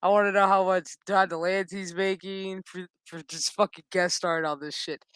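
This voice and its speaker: A man streaming a TV review as a furious, foul-mouthed rant with loud outbursts. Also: high voice, little pitch movement, normal speed, clear, resonant tone, no echo, clean studio sound. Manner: heated, swearing constantly, loud outbursts. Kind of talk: profane angry rant.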